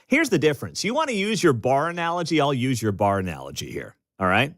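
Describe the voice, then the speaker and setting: Animated American talk radio host. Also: male voice, mid-range voice, fast talker, no echo. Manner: animated, emphatic, storytelling with acted-out quotes. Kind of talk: opinionated talk radio monologue. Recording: dry studio mic.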